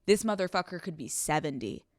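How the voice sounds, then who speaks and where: A woman hosting a podcast, giving casual relationship advice in a blunt, profane and animated way, running on no sleep. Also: lowish voice, a little fast, no echo, clean studio sound. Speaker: podcast host.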